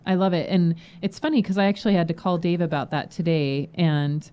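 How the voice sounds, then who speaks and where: Woman, podcast co-host, casual chat, chatty, laughs a lot, lowish voice. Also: fairly even intonation, fairly quick, mellow.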